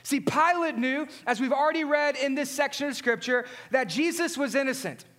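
A male pastor preaching a sermon, emphatic, repeating refrains and dropping his voice low for key lines. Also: normal speed, fairly bright tone.

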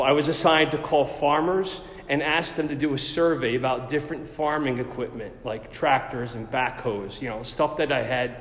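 A middle-aged man recounts a personal story in a chatty, self-deprecating way, stumbling through fillers. His voice sits at an ordinary pitch. It rings out in a roomy space with a long reverb tail. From New Jersey.

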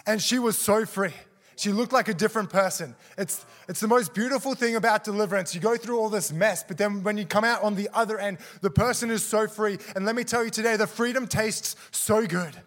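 A man with a high voice preaches to a church congregation. He tells a story with lots of energy, acting out the people in it with gasps and laughter. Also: a little fast. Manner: animated, acts out quotes with gasps and laughs. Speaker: guest preacher. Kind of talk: sermon storytelling. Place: church service.

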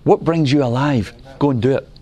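A man's voice: medium pitch, mellow. Earnest middle-aged man preaching. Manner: earnest, unhurried storytelling with acted-out quotes. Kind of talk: sermon.

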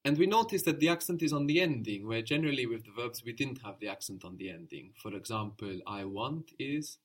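A man's voice: medium pitch, lively intonation, a little fast. Guy teaching a language course, patient, mid voice, walks you thru it step by step. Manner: patient, encouraging, explains step by step. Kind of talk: language lesson.

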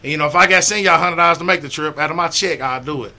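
A middle-aged man talking earnestly on a radio show, urging listeners and swinging from loud appeals to quiet, low moments. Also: racing. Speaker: community organizer and guest. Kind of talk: heartfelt radio talk.

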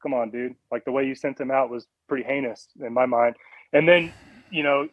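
A man's voice: medium pitch, fairly even intonation, brisk, dry recording, narrow, tinny audio. A man calling in to a sports show, talking heatedly with frequent swearing. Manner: fired-up, profane, heated. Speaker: caller. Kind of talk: casual sports talk.

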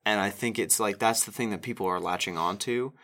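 A man's voice: fairly low pitch, brisk, fairly bright tone. A congested man in casual chat, rambling and restarting while giving strong opinions.

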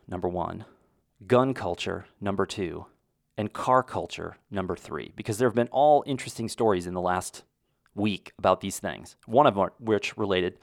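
A man's voice: on the low side, creaky, no room sound, clean studio sound. A middle-aged American man hosting a podcast, talking casually and rambling a little, with restarts. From United States. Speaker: podcast host. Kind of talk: casual monologue.

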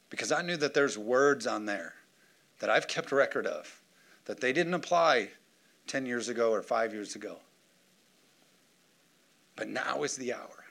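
A man pastor preaching a sermon in a church, lively and joking, calling on the congregation for amens. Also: medium pitch. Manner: lively preaching with jokes and call-and-response. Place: church sanctuary.

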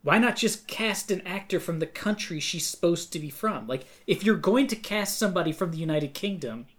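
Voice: medium pitch, expressive, moderate pace. A podcast co-host with a mid-range voice rambles through casual conversation. The speech is loose and hedging, with frequent fillers and restarts. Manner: rambling, hedges with many fillers.

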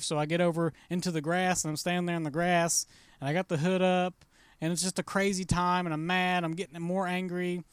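A man's voice: high voice, fairly even intonation, fast talker, smooth, dry recording. A man, a pastor preaching a sermon in a casual, conversational storytelling way and acting out his own thoughts as he goes.

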